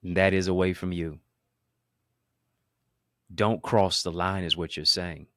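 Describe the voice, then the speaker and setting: Emphatic deep-voiced man giving a motivational talk. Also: steady tone, takes it slowly, fairly bright tone, dry recording, clean studio sound. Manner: emphatic, preacher-like cadence with repetition and wordplay. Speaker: motivational speaker and show host.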